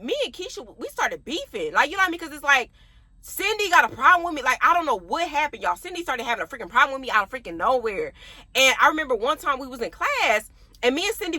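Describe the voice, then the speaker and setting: A young adult woman chatting casually to her viewers, telling an animated storytime about her past. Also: high voice, no echo. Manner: animated, talks straight to viewers.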